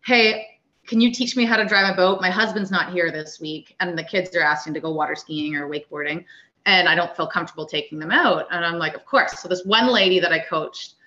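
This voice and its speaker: Bright-voiced woman telling a story. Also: on the low side, brisk, dull audio. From Canada. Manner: animated, acts out quoted dialogue. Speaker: guest, wakeboard coach. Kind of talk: casual storytelling interview.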